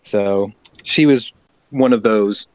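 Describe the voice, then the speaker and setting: A man's voice: mid-range voice, normal speed, no echo, muffled recording. A man hosting a casual online lobby and telling profane family stories, voicing the people in them as he goes. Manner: storytelling, profane, animated quoting. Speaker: lobby host. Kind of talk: casual chat.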